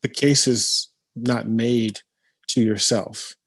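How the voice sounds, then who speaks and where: A man speaking slowly and thoughtfully in a casual conversation, his words spaced out by pauses and filler sounds. His voice sits at a middling pitch and is recorded close and dry, with almost no room sound. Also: fairly even intonation, slightly rough, no room sound. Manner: slow, thoughtful, with many hesitations. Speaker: playwright and teacher.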